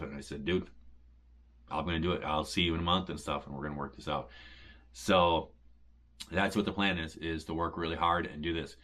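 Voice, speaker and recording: A man's voice: very deep voice, steady tone, a little fast, pushed and bright. A man, recovering from back surgery, giving a rambling casual update to his viewers and retelling his conversations. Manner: rambling, repeats "and stuff" and "he says", retells conversations. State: recovering from back surgery, occasional pain when coughing. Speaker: homestead vlogger.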